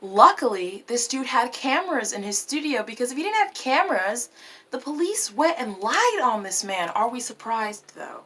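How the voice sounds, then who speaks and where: Bright-voiced woman ranting on a vlog. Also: high-pitched, moderate pace, husky. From United States. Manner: animated, swears freely, drops French words. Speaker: vlogger. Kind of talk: casual opinion vlog.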